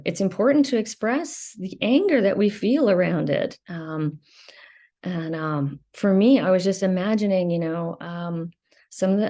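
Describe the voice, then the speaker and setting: A woman hosting a reflective personal monologue about her recovery, candid and hesitant, with many pauses and fillers and a blunt edge. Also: fairly low pitch, gravelly, a little mellow. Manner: candid, hesitant, many ums, swears when angry. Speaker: video host sharing recovery experience.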